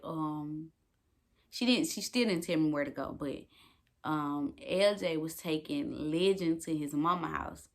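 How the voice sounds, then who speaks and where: Lively, profane woman vlogger telling a story. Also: low voice. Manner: animated, profane, keeps calling out to viewers. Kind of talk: casual storytime to the camera.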